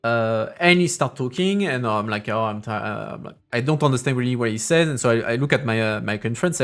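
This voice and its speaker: A man's voice: medium pitch, lively intonation, fast, hardly any pauses, a bit bright, soft background music. A man in his thirties with a French accent, telling stories on a casual stream in a rambling way with many restarts. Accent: French, with mixed English accents. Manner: rambling, with frequent restarts and filler sounds. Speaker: streamer and parliamentary assistant.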